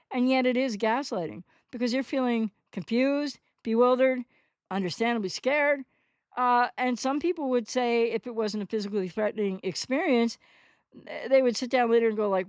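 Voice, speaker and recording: A woman's voice: a little high, moderate pace, no echo, studio quality. A woman in her sixties hosting a recovery channel, giving a rambling, candid, unscripted monologue in reply to a commenter, often correcting herself as she goes.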